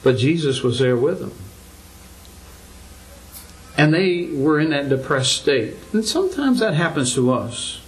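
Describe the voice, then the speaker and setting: A man's voice: fairly high pitch, very animated, unhurried, pauses often, rough recording. An older man preaching a sermon to his congregation, earnest and full of rhetorical questions, his voice climbing for emphasis.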